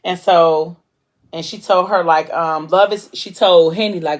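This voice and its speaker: A woman's voice: on the low side, steady tone, unhurried. A woman vlogger casually retelling a novel, talking loosely with lots of "like". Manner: casual, heavy use of filler "like".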